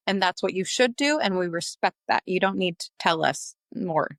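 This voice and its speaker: Sassy young woman with a gravelly edge. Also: medium pitch, animated, moderate pace, few pauses, no room sound, studio quality. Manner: sassy, teasing, swears casually. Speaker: podcast co-host. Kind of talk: casual book discussion.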